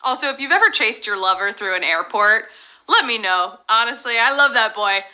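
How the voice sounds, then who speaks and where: A woman hosting a live trivia game show, chatting casually in a bubbly, playful way with quick asides. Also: on the high side, expressive, pushed and bright. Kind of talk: casual chat.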